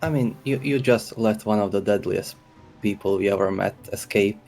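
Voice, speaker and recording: A young man playing a ship captain at a tabletop game, stammering and gruff. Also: fairly low pitch, normal speed, a little mellow, faint music behind. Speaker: player. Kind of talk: in-character roleplay.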